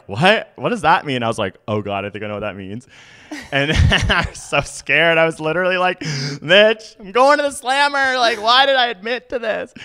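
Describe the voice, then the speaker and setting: A man's voice: medium pitch, fairly bright tone. A young man from Canada, a guest telling stories in casual chat and quoting people in voices.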